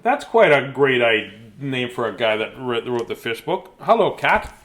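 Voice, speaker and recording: A man's voice: medium pitch, lively intonation, normal speed, fairly bright tone. A man hosting a live bedtime story reading, chatting and joking in a playful, easygoing way. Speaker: children's story reader and host. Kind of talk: casual live chat before a bedtime story.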